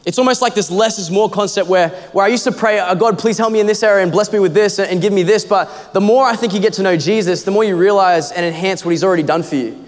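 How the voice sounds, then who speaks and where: A man's voice: sits high, fast. A young man, an assistant kids pastor, preaching a sermon in an earnest, conversational way with casual fillers. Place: church auditorium. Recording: long hall reverb.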